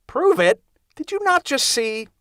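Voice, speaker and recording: A man reading an audiobook plays a jittery young vampire running out of patience. His exasperated lines leap in pitch. The recording is close and free of room sound. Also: wildly swooping pitch, measured pace, a bit bright, no echo, exaggerated voice.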